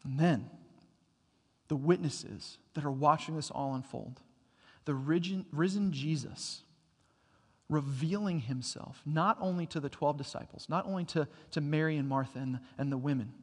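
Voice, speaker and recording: A man preaching a sermon, telling a story that swells to loud bursts and falls back to quiet, slow emphasis. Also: a little high, breathy edge. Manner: storytelling, builds to loud excited bursts then drops quiet. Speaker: pastor. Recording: long hall reverb.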